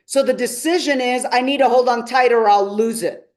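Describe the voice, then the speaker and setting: A woman's voice: a little high, moderate pace, darkish tone. A woman coach teaching a live seminar, emphatic and often asking her audience questions. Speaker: transformational coach.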